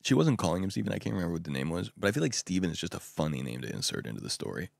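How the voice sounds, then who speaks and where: A young man rambling excitably in casual chat at home at night. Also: low voice, very fast, creaky, dry recording, clean studio sound. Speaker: vlogger.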